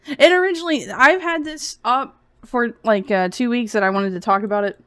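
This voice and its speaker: A woman's voice: a little high, moderate pace, a bit bright, clean tone, no room sound, clean studio sound. A young woman streaming sarcastic commentary, mocking and giggly, sounding a bit feverish.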